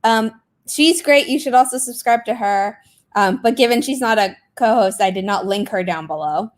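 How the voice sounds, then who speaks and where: Greeting viewers on her writing sprint stream, this young host chats casually with plenty of fillers. Her voice sits on the high side, and she keeps a moderate pace.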